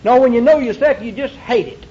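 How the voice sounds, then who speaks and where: A man's voice: very high-pitched, fairly quick, dark tone, highs cut off, slight background noise. A male pastor preaching a sermon to a congregation, with emphatic repetition and rhetorical questions. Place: church before a congregation.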